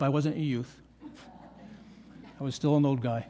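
A man's voice: medium pitch, little pitch movement, a little fast, long pauses, dark tone. An older man preaching a sermon to his church, earnest and repeating key phrases for emphasis. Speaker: pastor. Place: church meeting room.

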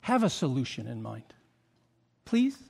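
A male pastor preaching a sermon, telling a personal story with acted quotes and dropping soft and low for confessions. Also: very animated, measured pace, creaky, husky.

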